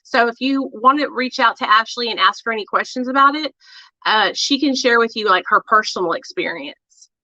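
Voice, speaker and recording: A woman's voice: a little high, moderate pace, bright, forceful tone, dry recording. A woman hosting a casual livestream, chatting directly to her viewers with lots of fillers. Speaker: livestream host. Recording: dull, dry lo-fi sound.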